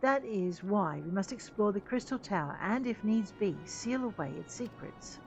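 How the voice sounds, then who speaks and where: A woman voicing a stern male engineer chief in a game, lecturing his men slowly and firmly. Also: medium pitch, lively intonation, soft background music, lightly acted. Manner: firm, lecturing, deliberate. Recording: dull lo-fi sound.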